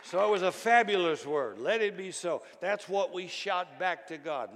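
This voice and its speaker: Man preaching with loud emphatic bursts. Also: lively intonation, moderate pace, some chatter behind, a little hiss or hum. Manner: dynamic preaching, bursts into loud emphatic shouts then drops low. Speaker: pastor. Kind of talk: sermon. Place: church sanctuary. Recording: long hall reverb.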